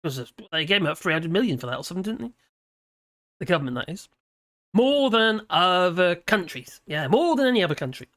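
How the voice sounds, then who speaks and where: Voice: mid-range voice, very animated, fairly quick, a bit bright, no room sound, studio quality. A chatty British live-stream host in their fifties with a mid-range voice. They read from notes, then drift into long personal tangents, chuckling as they go before pulling themselves back on track. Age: 50s. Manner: rambling, chatty, often laughing and wandering off topic. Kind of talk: casual commentary reading and digressing.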